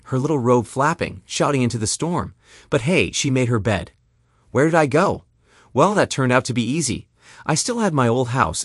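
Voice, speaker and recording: Bitter, lively male storyteller. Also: medium pitch, breathy edge, no echo, clean studio sound. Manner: bitter, indignant retelling. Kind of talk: first-person story narration.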